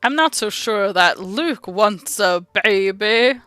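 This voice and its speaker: A woman's voice: medium pitch, animated, takes it slowly, fairly bright tone, smooth, no echo, faint music behind. A Norwegian-accented woman streamer giving chatty, giggly let's-play commentary.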